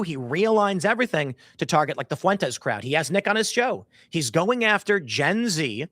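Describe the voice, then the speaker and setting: A man's voice: a little high, a bit bright, no echo. A man in his thirties hosting a livestream, rambling casually and reading chat aloud with joking mock voices. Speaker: livestream host.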